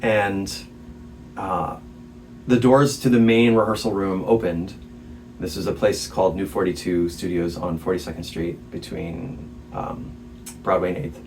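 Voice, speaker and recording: A man, a stage actor, telling a story as an interview guest in a candid, animated way, laughing between remarks. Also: sits low, a little slow. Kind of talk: casual storytelling. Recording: distant mic, faint background noise.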